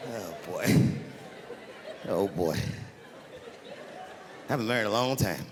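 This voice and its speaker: A man doing live stand-up storytelling on a large theater stage. He is animated and swings from shouting to hushed, confiding asides. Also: fairly low pitch, slow pace, some chatter behind, a little hiss or hum. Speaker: stand-up comedian. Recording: big hall echo with audience laughter. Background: audience laughter.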